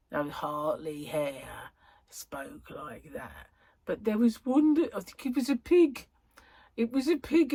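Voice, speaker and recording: A woman's voice: fairly low pitch, no echo. A middle-aged woman hosting a crochet vlog, chatting casually to camera in a rambling way, with lots of ums and self-corrections.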